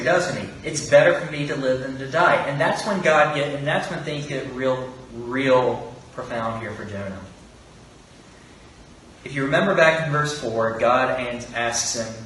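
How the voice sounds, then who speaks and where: In this expository sermon, a man speaks earnestly in a mid-range voice with a touch of brightness, asking rhetorical questions and dramatizing quoted lines. His voice sounds distant, the room is heavily reverberant, and there's a faint hiss of background noise.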